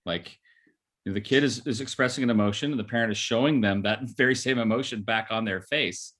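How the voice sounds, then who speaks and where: A fairly low-pitched male therapist talks through an idea at an easy podcast pace. He keeps checking in with listeners using "right?" and "you know". He slips into the voices of the people he describes. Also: quick pace, a bit bright. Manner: acts out quoted voices. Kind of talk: explanatory podcast talk.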